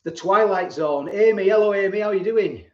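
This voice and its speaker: A brisk man whose voice sits high reads out viewer comments on a casual live stream, often laughing as he reminisces. The audio sounds roomy and a bit dull.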